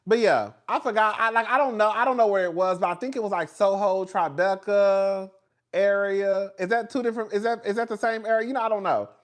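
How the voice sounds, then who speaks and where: A man's voice: sits high, steady tone, brisk. A man hosting a casual chat with viewers in a gossipy, chatty way, calling everyone "girl" and laughing often. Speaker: host.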